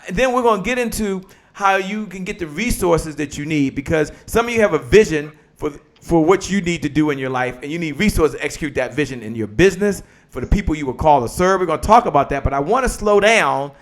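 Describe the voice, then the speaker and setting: An energetic man hosting a live motivational show, with a voice pitched a little high for a man. He talks like a preacher and pulls the audience into call-and-response. His delivery stays lively and rousing. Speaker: host. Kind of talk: live-stream motivational talk.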